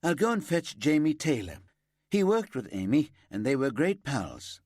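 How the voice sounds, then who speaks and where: A man voicing a brisk female office section leader who bustles about kindly. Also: mid-range voice, sing-song, darkish tone, no room sound, clean studio sound, pitched above the performer's own voice.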